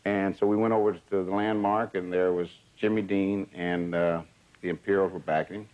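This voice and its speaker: An older man, telling stories in an interview in a measured, plainspoken way. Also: low voice, steady tone, dull audio. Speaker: interviewee, former entourage member. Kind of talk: storytelling reminiscence.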